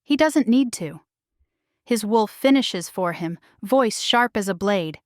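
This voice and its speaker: Slow, measured female story narrator. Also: mid-range voice, lively intonation, no room sound, clean studio sound. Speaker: audiobook narrator. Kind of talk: scripted first-person story narration.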